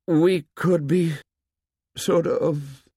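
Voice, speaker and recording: A man voicing a shy, halting boy. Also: on the high side, dry recording, clean studio sound, pitched above the performer's own voice. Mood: hesitant. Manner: halting, tentative delivery. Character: shy, hesitant boy struggling to speak.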